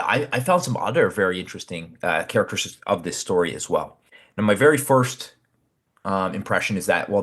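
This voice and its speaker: A man with a deep, low-pitched voice talks casually through his reading of a short story. He thinks aloud, trailing into fillers and restarting sentences as ideas come to him. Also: slightly rough. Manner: thoughtful, frequent fillers and restarts. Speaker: podcast host discussing literature. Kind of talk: casual spoken literary analysis.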